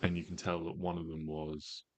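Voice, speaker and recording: A man serving as game master, narrating a tabletop game in a measured way with frequent ums and pauses. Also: low-pitched, flat delivery.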